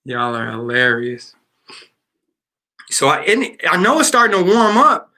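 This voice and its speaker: A man running a casual livestream, his voice high and very bright, cutting through clearly. He teases his viewers in playful slang and keeps up easy banter. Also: big pitch swings, a little slow. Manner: playful, slangy, talks to the chat. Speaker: livestream host. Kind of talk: casual live chat.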